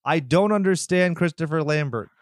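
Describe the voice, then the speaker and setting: A man's voice: fairly high pitch, moderate pace, dry recording, clean studio sound. A man co-hosting a horror movie podcast, talking in a sarcastic, joking way and swearing freely. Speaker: podcast co-host. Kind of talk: casual movie review banter.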